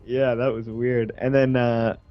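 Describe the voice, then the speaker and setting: A young man in his twenties telling a rowdy story on a gaming stream, animated and swearing freely. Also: mid-range voice, unhurried, no echo, dull audio, faint music behind. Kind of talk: casual chat on a gaming stream.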